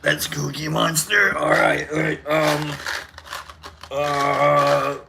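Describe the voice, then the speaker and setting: Man, host, casual chat, rambling, self-mocking, gravelly, raised pitch. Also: level tone, very slow, noisy background.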